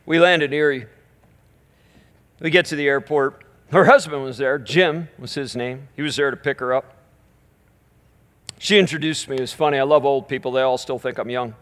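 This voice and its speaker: A middle-aged man preaching as a minister, telling a story with animated energy and easing into soft, slow prayer. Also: medium pitch. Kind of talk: storytelling sermon at a live church event.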